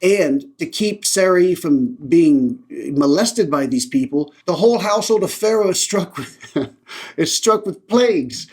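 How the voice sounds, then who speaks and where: A man with a fairly high voice reads scripture aloud and then retells it with casual, irreverent humor. He talks like a lay teacher chatting on his own podcast. His delivery is loose and joking rather than preachy. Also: darkish tone.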